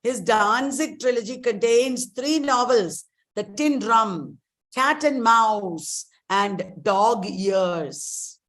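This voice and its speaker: A woman's voice: fairly high pitch, fairly bright tone. Emphatic woman teaching an exam-prep lecture. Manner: emphatic, repeats key points slowly.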